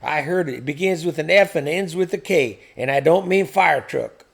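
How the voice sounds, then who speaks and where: A high, heavily gravelly old country geezer played by a man rambles in folksy grammar on a prank phone call. He is grumpy and churchgoing, and he scolds in a rustic drawl. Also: moderate pace. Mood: scolding. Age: older. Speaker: scam baiter.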